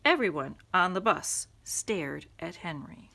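A woman reading a children's storybook aloud to young listeners, in an expressive storytelling manner. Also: low voice, normal speed, creaky, few pauses.

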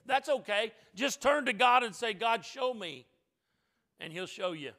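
High, bright-voiced man preaching a sermon. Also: animated, moderate pace, creaky. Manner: emphatic, swings between loud declarations and soft asides; folksy, joking asides to the congregation. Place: church sanctuary.

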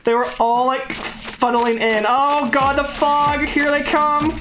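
A woman's voice: high-pitched, flat delivery, a little slow, noisy background. A young woman playing a co-op game with a friend, chatting casually, joking and laughing often. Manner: jokey, voices characters mockingly, laughs often. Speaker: gaming YouTuber. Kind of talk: casual gameplay chat. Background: game music.

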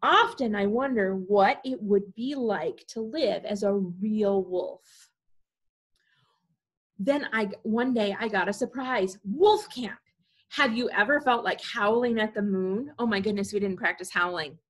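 A woman leading a library storytime, reading a picture book aloud to preschoolers in an animated way and talking to the children directly. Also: mid-range voice, a little slow, breathy edge.

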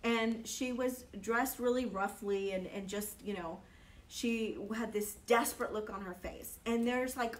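Woman, Bible study leader, emphatic teaching, somewhat high voice, a bit distant from the mic. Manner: lively, emphatic, with frequent "okay?" check-ins. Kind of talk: Bible teaching with a personal story.

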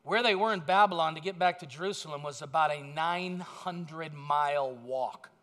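A man's voice: on the high side, moderate pace, fairly bright tone. A man pastor giving a sermon in a conversational storytelling way, with self-deprecating asides.

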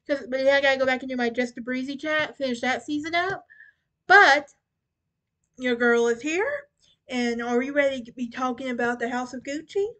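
A woman's voice: high voice, a bit bright. A young woman hosting a casual true crime podcast, chatty and often stumbling and restarting over names. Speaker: podcast host.

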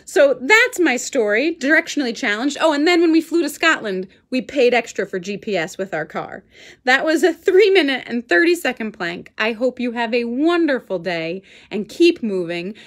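Brief: lively female Pilates instructor, high voice, chatty storytelling to a class. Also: moderate pace. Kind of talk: telling a story during a workout class.

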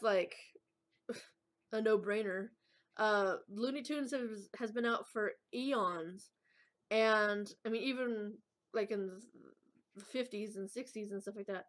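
A woman hosting a casual gaming video, rambling with lots of fillers as she talks her choices through. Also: medium pitch. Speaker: gaming channel host. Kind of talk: casual thinking-aloud gameplay commentary.

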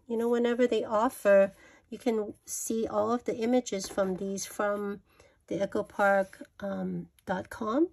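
Gushing woman with a gravelly voice. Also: medium pitch, slow pace, a little mellow. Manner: gushing, chatty, self-correcting. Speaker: craft vlogger showing a haul. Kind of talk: casual show-and-tell.

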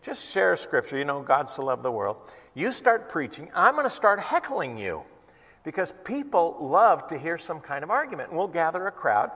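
A man's voice: fairly high pitch, very animated, moderate pace, a bit bright, full character voice. A man voicing a seasoned, fun-loving street evangelist who coaxes a new believer in an upbeat way, with long hall reverb. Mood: coaxing.

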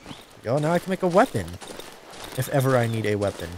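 A man giving horror game commentary, jumpy and quick to swear and scream when startled, over noisy game audio. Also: medium pitch, big pitch swings. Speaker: gameplay commentator.

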